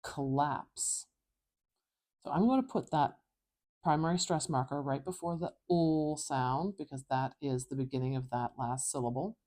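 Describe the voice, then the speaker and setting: Female teacher, low warm voice, precise and emphatic tutorial delivery. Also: moderate pace. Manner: clear, precise, emphatic explanations. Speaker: phonetics teacher. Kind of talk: tutorial lesson.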